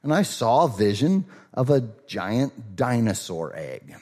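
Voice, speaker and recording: A man's voice: medium pitch, very animated, unhurried, darkish tone. A middle-aged male pastor preaching a sermon in a conversational, storytelling way, with frequent fillers and asides.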